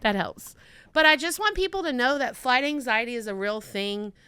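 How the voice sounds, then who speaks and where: Woman guest from Mississippi, chatty storyteller, smooth bright tone, podcast chat. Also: fairly high pitch, animated, normal speed. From Mississippi, USA. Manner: chatty storyteller who acts out her own quotes.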